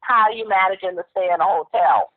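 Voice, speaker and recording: A woman's voice: medium pitch, expressive, fast. A woman with a Southern US accent, a mother on a phone call, lecturing her grown child bluntly and sternly. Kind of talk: phone conversation. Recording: tinny phone line.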